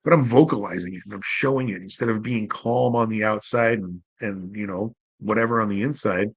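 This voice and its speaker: A man's voice: fairly low pitch, fairly quick, breathy edge, dry recording, low-quality recording. A man hosting his own show in a casual solo monologue, rambling and candid, poking fun at himself and swearing casually. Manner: rambling, candid and self-deprecating, full of "you know". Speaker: host.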